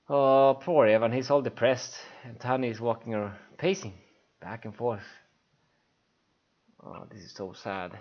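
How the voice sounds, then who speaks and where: A man's voice: medium pitch, steady tone, unhurried, a little mellow, muffled recording. A man with a Swedish accent streaming a game, reading the on-screen action aloud for blind viewers with emotional sighs. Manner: emotional, sighing, reads everything aloud. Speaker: let's play streamer.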